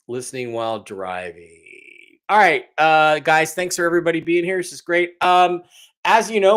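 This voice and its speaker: A man's voice: on the high side, a bit bright. A man hosting a casual livestream, greeting viewers by name and rambling with many restarts and mock-hurt teasing. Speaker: livestream host.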